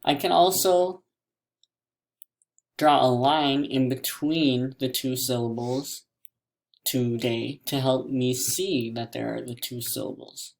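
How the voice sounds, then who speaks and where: A man teaching a classroom mini lesson, stretching words out slowly syllable by syllable. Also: medium pitch, steady tone, vocal fry.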